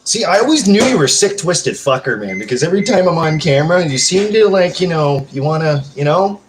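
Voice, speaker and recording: A man's voice: fairly high pitch, big pitch swings, a little fast, soft background music. A man chatting with viewers from home on a live stream, joking and swearing in a loose, casual way.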